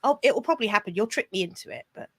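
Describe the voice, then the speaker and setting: A woman, a business coach, talks through ideas in a casual podcast chat. Her voice has a gravelly, creaky texture, and she keeps restarting sentences as she goes. The sound is dry and close, with no room around her. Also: medium pitch, expressive, racing, dry recording. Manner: chatty, self-correcting, laughs easily.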